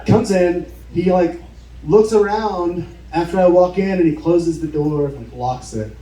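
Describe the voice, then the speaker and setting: At normal speed, a mellow man with a voice on the high side tells a live bar-show story, cursing casually and portraying the people in his tale. The room is echoey and the mic distant, while the audience cheers and laughs.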